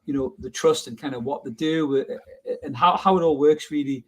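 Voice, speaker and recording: Higher-voiced, jokey male podcast host. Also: fairly quick. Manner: jokey, chatty, addresses guest directly. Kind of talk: casual podcast chat.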